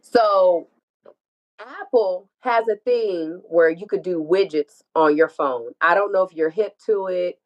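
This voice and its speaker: A woman's voice: on the low side, slow, highs cut off. A woman telling an emotional personal story, acting out dialogue and swearing freely. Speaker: guest telling her story.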